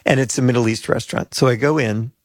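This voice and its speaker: A man's voice: medium pitch, steady tone, fast talker, no echo, clean studio sound. A pastor in his sixties from the United States, telling rambling anecdotes with asides as an interview guest.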